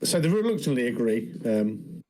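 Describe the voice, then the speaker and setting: A man's voice: mid-range voice, sing-song, moderate pace, darkish tone, poor audio. A young man, co-hosting a podcast, recapping scenes casually with many "um"s and "like"s. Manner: recaps plot scene by scene, with fillers. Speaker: podcast co-host. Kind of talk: casual chat.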